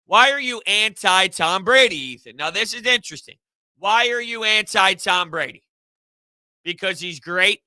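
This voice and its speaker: A man hosting a casual live sports stream, answering chat in an animated, rambling way. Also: high-pitched, no echo. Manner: animated, rambling, repeats himself. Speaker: sports podcast host reading live chat.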